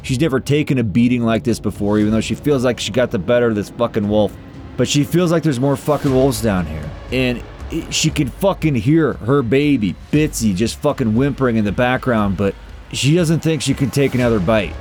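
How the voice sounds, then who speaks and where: A man's voice: medium pitch, lively intonation, brisk, darkish tone, faint music behind. Foul-mouthed, fired-up male player. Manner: intense, profane, caught up in the game. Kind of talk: playing a tabletop game.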